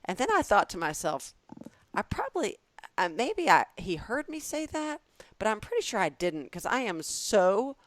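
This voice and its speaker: A woman's voice: moderate pace, dry recording. A woman from the States, co-hosting a podcast and telling stories animatedly, acting out the voices she quotes. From southern United States. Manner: animated storyteller, acts out quotes with big pitch jumps and laughs. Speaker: podcast co-host. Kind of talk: casual comedic storytelling.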